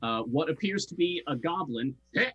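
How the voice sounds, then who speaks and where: A man's voice: a little high, expressive, normal speed, sharp tone, muffled recording. A man narrating as game master in a casual tabletop session, describing scenes loosely with fillers.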